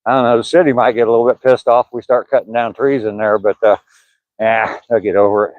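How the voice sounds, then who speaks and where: A man's voice: mid-range voice, little pitch movement, quick pace, dry recording, narrow, tinny audio. An older man with a Southern accent, chatting casually with his livestream viewers as he walks outdoors past pine woods, rambling and chuckling as he reads the chat. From Southern US, Georgia. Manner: easygoing, rambling, chuckling, reading chat aloud. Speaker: vlogger livestreaming a walk. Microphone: phone camera held while walking.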